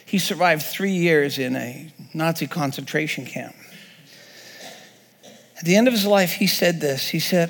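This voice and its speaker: A man's voice: a little high, unhurried, long pauses. A man preaching a sermon as pastor, earnest, sometimes stumbling and repeating words as he works toward a point. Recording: long hall reverb.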